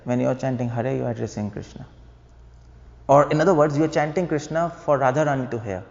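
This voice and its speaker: Talking fast with a medium-pitched, slightly mellow voice and vocal fry, a preacher gives a devotional lecture in a temple hall. He explains things, puts rhetorical questions to the crowd, and chuckles at his own jokes, while the lo-fi recording sounds dull and echoes off the hall.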